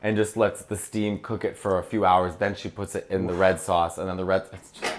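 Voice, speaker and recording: A man's voice: deep voice, flat delivery, brisk, noisy background. A young man, a guest on a cooking show, chatting in a kitchen in a playful, joking way. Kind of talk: casual cooking chat.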